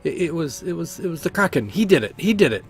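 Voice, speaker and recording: A man's voice: fairly high pitch, big pitch swings, quick pace, breathy edge, voice pushed up, heavily acted. A man voicing a small, cowardly male noble in a tabletop game who stammers frantically and repeats himself. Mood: panicked.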